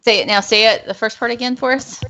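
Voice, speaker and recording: A woman's voice: on the high side, fairly even intonation, quick pace, sharp tone, slight background noise. A woman hosting a casual group livestream, chatty and rambling, often laughing between her words. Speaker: stream host. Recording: lo-fi voice call audio.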